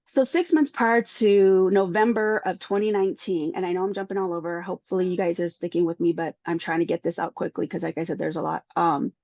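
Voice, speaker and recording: A woman's voice: lowish voice, steady tone, a little mellow, dry recording. Woman telling her story on a podcast panel, emotional, keeps restarting, dull dry lo-fi sound. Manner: emotional, fast restarts and repeated words. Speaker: panel guest. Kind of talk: personal testimony in a podcast panel.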